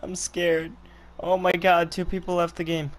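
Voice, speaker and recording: A man giving live commentary while gaming, making excitable callouts to teammates and repeating words in quick bursts. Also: sits high, faint music behind. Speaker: gamer.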